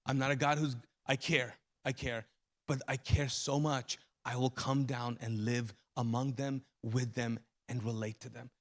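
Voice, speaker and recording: A man's voice: mid-range voice, level tone, a little slow. A man in his forties preaching a live sermon as pastor, telling a story with his voice swelling and dropping. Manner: emotional storytelling, voice rising and falling. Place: church auditorium.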